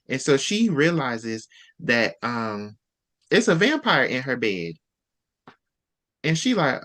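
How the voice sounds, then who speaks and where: Host, male, casual book chat; animated storyteller who acts out lines. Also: mid-range voice, a little slow.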